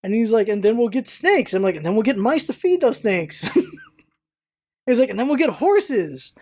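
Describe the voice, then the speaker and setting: High-voiced woman telling a lively story. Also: moderate pace. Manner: animated, acts out quoted lines in a raised voice. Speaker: vlogger. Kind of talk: casual storytelling vlog.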